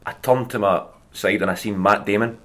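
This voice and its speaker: A Scottish man with a somewhat low voice tells chatty stories as a podcast guest. He is animated and talks in a loose, casual way. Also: normal speed, slight background noise. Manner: chatty, animated anecdotes with frequent laughing. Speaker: guest comedian. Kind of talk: casual storytelling.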